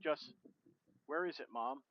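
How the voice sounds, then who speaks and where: A man's voice: fairly high pitch, measured pace, lightly acted. Give me an urgent, worried adult daughter, as a man reads her aloud, with faint hiss behind. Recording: dull lo-fi stream mic with faint noise.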